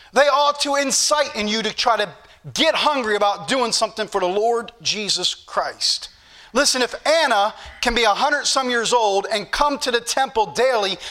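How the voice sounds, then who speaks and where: A man preaching, his voice high and bright as he exhorts his church. He repeats scripture references over and over and pushes his points in emphatic rising bursts. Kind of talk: sermon.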